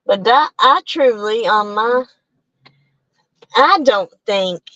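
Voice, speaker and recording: This is a woman with a somewhat high voice who talks slowly to her live stream audience while she drives. She rambles, stops herself mid-sentence, and sounds a little short of breath. Her headset audio comes through dull and low-fidelity. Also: lively intonation, bright, forceful tone, dry recording. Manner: chatty, rambling, self-interrupting with laughs. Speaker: channel host. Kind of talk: casual live-stream chat with viewers. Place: in a car while driving. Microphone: headphones with mic.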